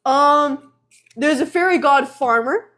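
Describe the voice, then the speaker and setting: A teenage girl chatting casually on a livestream, telling a story in an animated way with lots of filler words. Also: high-pitched, slow pace.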